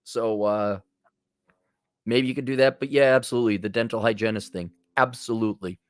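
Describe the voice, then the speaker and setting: A male podcast host giving advice in a blunt, sarcastic monologue at a middling pitch. He speaks close to the mic in a dry, dead sound. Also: fairly even intonation, fairly quick, no echo.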